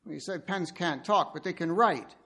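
Guy preaching with a high voice, animated, tells stories right at the crowd. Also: moderate pace, breathy edge. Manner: animated storytelling, addresses listeners directly. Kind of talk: sermon.

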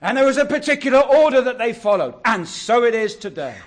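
A man preaching a sermon, earnest and exhortative, drawing out key words slowly. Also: very high voice, sing-song. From England.

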